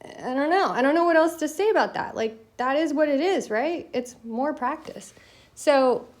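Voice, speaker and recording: A woman's voice: high voice, expressive, moderate pace. A woman hosting a casual solo coffee talk on education, chatty and emphatic, laughing between points.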